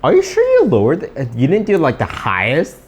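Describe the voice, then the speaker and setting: A man's voice: on the high side, huge pitch swings, a little fast, slight background noise. A man co-hosting a home cooking video, talking through the cooking and tasting in an easygoing way. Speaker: cooking channel co-host. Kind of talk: casual chat while cooking and eating.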